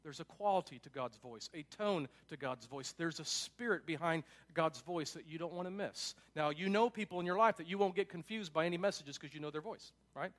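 A man's voice: a little high, fairly quick, hardly any pauses, fairly bright tone. A man preaching a conversational sermon to his congregation, emphatic and casual, with frequent asides. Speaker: pastor.

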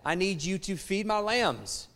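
Jesus, as a preacher puts him on, questioning gently. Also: male voice, high-pitched, very animated, a little slow, exaggerated voice. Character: Jesus, a calm questioning grown man. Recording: long reverb of a large hall.

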